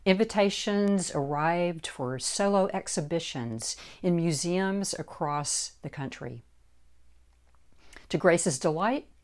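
A woman reads her own book aloud in a measured, deliberate narration. Her voice sits on the low side, and she moves through the text at an unhurried, drawn-out pace. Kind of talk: audiobook narration.

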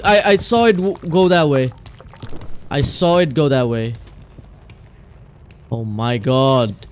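A man's voice: medium pitch, slow, long pauses, clean tone. A man hosting a let's play, jumpy and exclaiming as he talks to himself through a horror game. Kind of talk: gaming commentary.

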